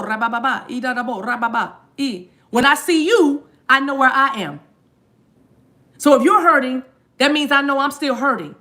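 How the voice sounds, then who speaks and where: Brief: woman, higher-pitched, spiritual reader talking to her viewers, animated and repetitive. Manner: animated, repetitive, addresses audience as y'all. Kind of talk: live channeled reading to viewers.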